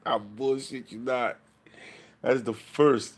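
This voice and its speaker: A man's voice: lowish voice, unhurried, vocal fry. A man ranting profanely to his chat on a late-night livestream. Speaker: live streamer. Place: home, at night.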